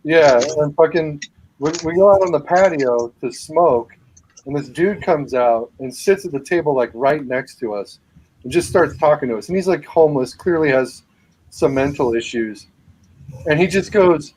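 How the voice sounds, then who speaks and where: A man's voice: on the high side, normal speed, darkish tone, a little hiss or hum, poor audio. A man telling rambling, profane anecdotes in a casual chat between friends. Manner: swears a lot, rambling anecdotes.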